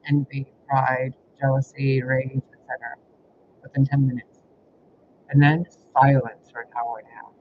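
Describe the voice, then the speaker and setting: A man telling rambling personal stories in a casual vlog, exasperated and heavy on profanity. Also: medium pitch. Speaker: spiritual reader recounting personal life. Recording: dull lo-fi audio with faint hiss.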